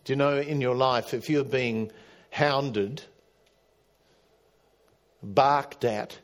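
A middle-aged man preaching a sermon, swinging from loud emphatic calls to quiet, low asides. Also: drawn-out words. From Australia. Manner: dramatic, rising to loud emphatic calls then dropping quiet. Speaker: pastor.

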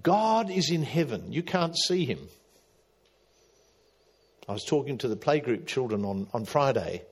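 A middle-aged man preaching a sermon, swinging from loud emphatic calls to quiet, low asides. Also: big pitch swings, measured pace, pauses often, husky. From Australia. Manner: dramatic, rising to loud emphatic calls then dropping quiet. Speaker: pastor.

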